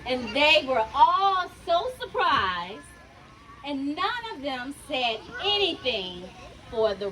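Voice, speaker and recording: Very high, lively woman storyteller. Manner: call-and-response with the audience. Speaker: children's storyteller. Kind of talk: animated read-aloud to children. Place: outdoor riverfront event before a crowd. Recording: noisy outdoor event recording.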